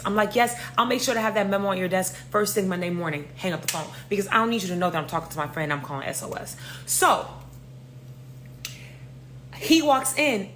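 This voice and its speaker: A woman from New tells a personal storytime in a lively, dramatic way, cursing freely. Her voice sits in a middle pitch. A faint hum runs under the recording. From New York. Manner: animated, profane, dramatic storytelling. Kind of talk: casual storytime.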